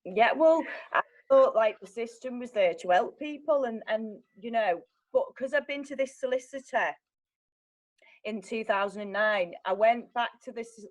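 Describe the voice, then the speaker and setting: A young woman talks in a blunt, animated way, swearing freely as she recounts events. Her voice sits a little higher than most. It is candid personal storytelling, not a performance. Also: normal speed, rough recording. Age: young adult. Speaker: guest.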